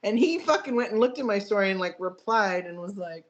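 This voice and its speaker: A woman's voice: mid-range voice, lively intonation, fairly quick, highs cut off. A woman co-hosting a podcast, telling a story in a casual, profane way with lots of filler words. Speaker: podcast co-host, powerlifting coach.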